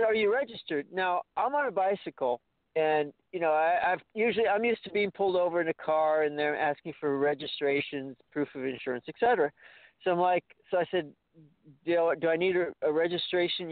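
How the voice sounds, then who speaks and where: A man's voice: a little high, dry recording. Rambling man on a tinny phone line. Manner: rambling, restarts and stammers, acts out dialogue. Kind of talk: casual talk radio storytelling.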